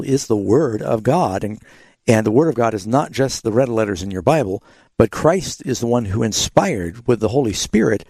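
A man's voice: medium pitch, darkish tone, dry recording. A man hosting a call-in Bible radio show, patiently explaining scripture to callers with frequent fillers. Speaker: radio Bible program host.

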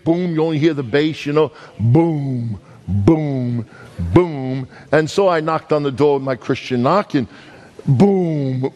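A male evangelist with a slightly high voice preaches a storytelling sermon. He's animated, joking with the congregation and acting out sounds and voices.

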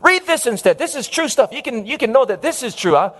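A man's voice: sits high, fast talker, natural voice. A preacher voicing a flustered, stammering businessman son. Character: young educated businessman, embarrassed and irritated son. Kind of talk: story told in a sermon.

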